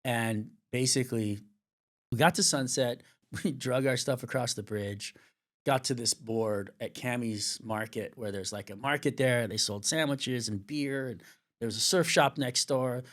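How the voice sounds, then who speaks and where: A man's voice: mid-range voice, measured pace. Middle-aged man from California, candid storyteller, curses casually, voices the other people in his story as he goes. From Venice, California. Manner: swears freely, acts out quoted dialogue with lively shifts. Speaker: surf commentator, interview guest.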